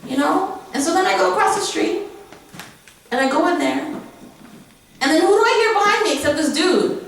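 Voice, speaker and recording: A young woman performing spoken word and stories at an open mic, candid and blunt, laughing often and acting out sharp back-and-forth dialogue. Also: high voice, lively intonation, normal speed, creaky, a little hiss or hum. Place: venue room at an open mic. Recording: very echoey room, mic at a distance.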